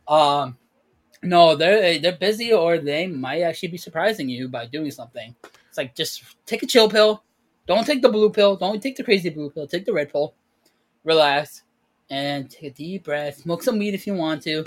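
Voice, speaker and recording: A man co-hosting a casual podcast, telling stories in a slangy, animated way full of fillers. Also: fairly high pitch, normal speed. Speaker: podcast co-host. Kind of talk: casual chat.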